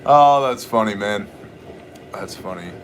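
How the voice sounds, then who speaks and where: A man's voice: fairly low pitch, expressive, measured pace, background noise. A man hosting a livestream, chatting casually, joking with viewers, greeting them by name and shifting into Bible teaching. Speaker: livestream host. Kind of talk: casual livestream chat, reading viewer comments.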